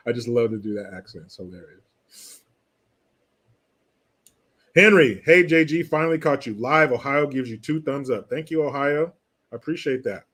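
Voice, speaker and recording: With a mid-range, slightly bright voice, this California livestream host delivers a casual political rant full of profanity and mockery, reading the chat as he goes. He's animated, talks at an ordinary pace, and stops often.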